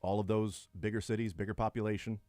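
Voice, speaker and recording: A man's voice: lowish voice, level tone, quick pace, a little mellow, no echo. A man hosting sports radio, bantering bluntly and dismissively with his co-host.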